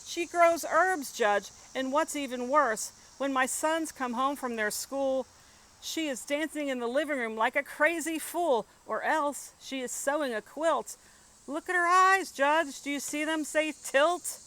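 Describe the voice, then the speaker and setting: A woman's voice: high voice, unhurried, bright, forceful tone, voice pushed up, poor audio. A woman voicing an aggrieved husband who insistently complains to a judge about his wife. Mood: complaining.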